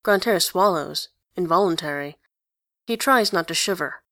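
A woman reads a story aloud in an even, conversational tone. Her voice sits on the low side, and the recording is close and dry, with no echo. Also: normal speed. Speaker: narrator. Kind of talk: story reading.

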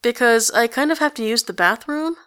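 A woman's voice: a little high, lively intonation, brisk, fairly bright tone, clear, resonant tone, voice pushed up. A woman voicing a nervous, awkward teenage boy who speaks hesitantly and politely in a storybook reading.

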